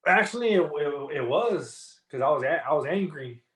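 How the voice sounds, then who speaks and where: A man's voice: fairly high pitch, animated, moderate pace, fairly bright tone. Guy on a podcast rambling thru a story, tons of slang and fillers. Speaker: rapper guest. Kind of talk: casual interview storytelling.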